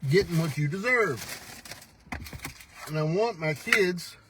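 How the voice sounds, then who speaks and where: A man's voice: a little high, expressive, slow pace, noisy background. Folksy older man who laughs a lot. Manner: folksy, teasing, laughs often. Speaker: host. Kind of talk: casual morning livestream chat. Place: pickup truck.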